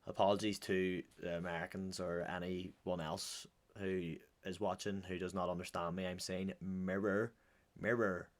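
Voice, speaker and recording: A man's voice: low voice, flat delivery, moderate pace, hardly any pauses. A man with a Northern Irish accent hosting and joking his way through casual reaction commentary. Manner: joking, chatty, offhand. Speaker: host.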